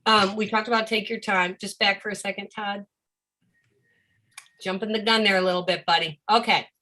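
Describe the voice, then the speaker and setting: Bright, animated woman lecturing. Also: medium pitch, normal speed. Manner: animated, acts out a confused child's voice. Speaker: educator of deaf students. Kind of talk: live-streamed presentation.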